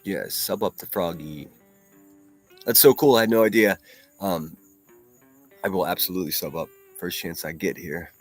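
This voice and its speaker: A man's voice: sits low, normal speed, pauses often, faint music behind. A man hosting a casual solo livestream, reading viewer comments aloud and talking bluntly with plenty of profanity. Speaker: livestream host.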